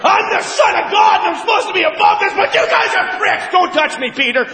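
A man's voice: sits high, flat delivery, normal speed, some chatter behind, slight background noise, voice pushed down, lightly acted. A man doing a hippie Jesus. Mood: furious. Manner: mellow sing-song, then furious shouting. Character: laid-back hippie Jesus who loses his temper. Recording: live in a large hall with audience.

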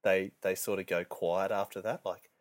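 Laid-back bloke, crude banter. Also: male voice, sits low, flat delivery, normal speed, no room sound. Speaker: podcast co-host. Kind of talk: casual banter.

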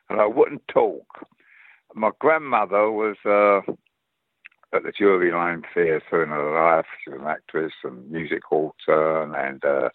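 A man's voice: deep voice, no room sound, phone-quality sound. An older man with a Cockney London accent, a guest actor telling rambling anecdotes in casual chat. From London, England. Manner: rambling storyteller, lively, restarts often.

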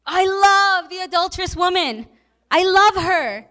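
A woman pastor preaching a sermon with passion, repeating lines and asking the listeners questions, at times turning soft and emotional. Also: very high-pitched, animated, measured pace.

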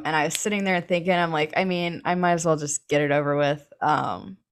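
Young adult woman, interview guest, low-pitched, chatty storyteller who laughs a lot. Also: fairly even intonation, brisk. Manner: chatty, full of "like" and "um", laughs often. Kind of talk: casual personal storytelling.

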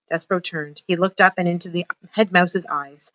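A woman teacher reads a children's chapter book aloud to her students, lively and encouraging between chapters. Her voice is bright and crisp, recorded close and dry with no room sound. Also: on the low side, brisk, no room sound, rough recording. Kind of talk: reading a children's novel aloud.

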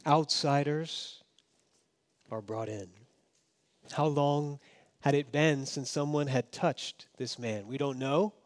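Male pastor with hushed, emphatic delivery. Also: slow, pauses often. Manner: dynamic, swinging from emphatic loud to hushed low. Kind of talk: sermon.

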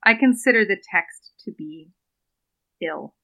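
A woman's voice: mid-range voice, lively intonation, unhurried, gravelly, sharp tone, rough recording. A young woman, a doctoral student, talking earnestly in a podcast interview and retelling a scripture story, with frequent ums and small laughs. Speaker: podcast guest, doctoral student in biblical studies.

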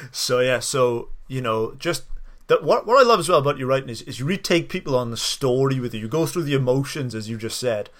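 A man's voice: medium pitch, expressive, moderate pace, fairly bright tone. A male podcast host asking interview questions, friendly, recapping the guest's story with small hesitations.

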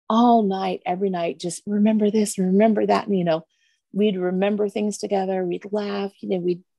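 A middle-aged woman, a guest, telling a personal story earnestly, with pauses and restarts. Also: mid-range voice, vocal fry, darkish tone, no echo.

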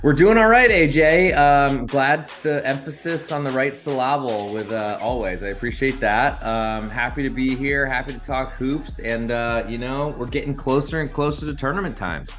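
A man's voice: mid-range voice, moderate pace, few pauses, fairly bright tone, faint music behind. A man co-hosting a sports betting podcast, easygoing and hedging his points with fillers. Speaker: podcast co-host. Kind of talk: casual sports betting chat.

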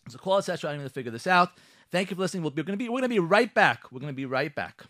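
A man hosting a live radio talk show, quick and animated, acting out heated quotes in his talk. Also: fairly high pitch.

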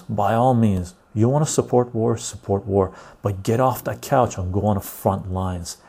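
A low-pitched man with a dark, rough, fry-edged voice hosts a casual talk show. He tells stories and rants bluntly, often tagging his points with "right?". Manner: blunt, ranting, loose storytelling with frequent "right?". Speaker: podcast host.

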